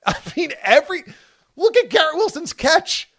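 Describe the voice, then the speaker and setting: A male sports radio host riffs with incredulous, jokey energy, his pitch swinging widely as he talks. The studio sound is dry and close, with no room echo. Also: sing-song, moderate pace, sharp tone. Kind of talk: sports talk radio banter.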